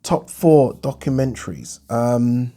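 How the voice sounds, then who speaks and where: A man's voice: mid-range voice, animated, slow, mellow. A man answering viewer questions in a casual, chatty vlog, loose and rambling, often breaking off mid-sentence. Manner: chatty, loose, self-interrupting, swears.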